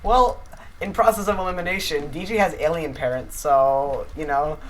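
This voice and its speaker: A woman's voice: low voice, normal speed, slight background noise, rough recording. A woman on a casual podcast, playfully reading out stories and adding dry jokes. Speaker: podcast guest reading the game prompts.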